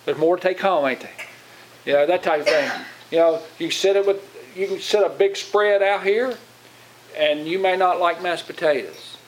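Man, pastor, sermon, church, conversational, questioning, higher-pitched voice, faint hiss. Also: moderate pace. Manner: plain-spoken, conversational, asks the congregation questions.

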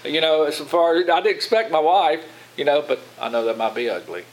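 A man's voice: a little high, animated, brisk, rough recording. A man preaching to his congregation in a loose, conversational teaching style, often asking them questions and repeating his words as he goes. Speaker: pastor.

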